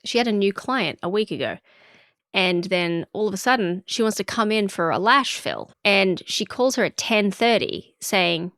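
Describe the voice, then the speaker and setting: A woman's voice: mid-range voice, moderate pace, no echo, clean studio sound. A woman co-hosting a podcast, telling an outraged story in casual chat and acting out the people in it. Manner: animated, indignant storyteller who acts out quotes. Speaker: podcast co-host.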